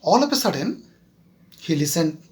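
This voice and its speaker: A man with an Indian English accent, a teacher slowly retelling a moral story to his students and often checking with them. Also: a little high, very animated, darkish tone. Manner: keeps checking with "Clear?"; slow, halting retelling with fillers. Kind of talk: classroom storytelling lesson.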